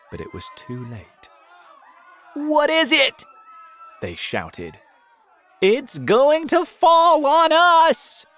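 A man reading a children's story aloud as a graded-reader narrator, clear and deliberate. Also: fairly low pitch, fairly bright tone, no room sound. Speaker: audiobook narrator.

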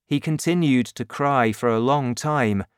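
Slow expressive story reader, really dry close mic. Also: mid-range voice, dry recording. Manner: slow, expressive, clearly paced reading. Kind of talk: scripted storybook narration.

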